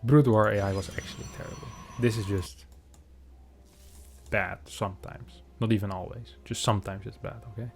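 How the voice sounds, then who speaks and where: Male esports caster with a lowish voice, casual and joking, quick reactions, soft music underneath. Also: fairly even intonation. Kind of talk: casual game commentary.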